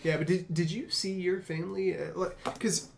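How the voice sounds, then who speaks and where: A man's voice: sits high, steady tone, normal speed, gravelly, a little mellow, slight background noise. A man hosting a casual discussion, reflective and storytelling, with frequent fillers. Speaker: podcast host.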